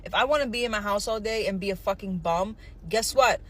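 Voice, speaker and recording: A woman's voice: medium pitch, fairly quick, fairly bright tone, poor audio. A woman ranting heatedly and defiantly, swearing about her time off. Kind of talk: casual rant.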